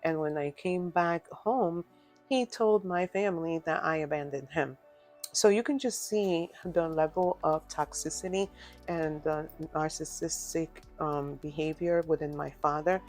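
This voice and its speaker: A woman, speaking earnestly and reflectively in a personal testimony vlog, pausing often as she talks. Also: low voice, a little mellow, soft background music. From Dominican Republic. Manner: earnest, reflective, halting with many pauses. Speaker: vlogger.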